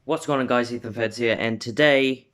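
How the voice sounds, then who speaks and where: A man's voice: medium pitch, moderate pace, a bit bright. A man casually retelling a fan-made story, rambling with lots of "like" and restarts. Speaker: video host.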